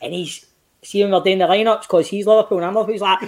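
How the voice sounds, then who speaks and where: This Glaswegian actor, late thirties and on a podcast as a guest, tells an animated, sweary story, dramatizing quoted lines with big pitch swings. He talks in rapid-fire bursts.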